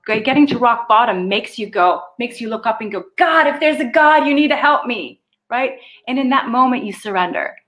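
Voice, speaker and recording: A woman's voice: mid-range voice, fairly bright tone. A woman channels spiritual guidance on a live stream and answers viewer questions one by one. She talks in a loose, conversational way, laughs easily and lets the odd swear word slip.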